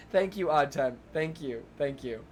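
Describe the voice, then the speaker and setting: With slight background noise, a young man streams and slowly tells a long story to his chat in a fairly high, animated, slightly mellow voice. Rambling throughout, he says "like" in every phrase, swears plenty and breaks off to thank viewers.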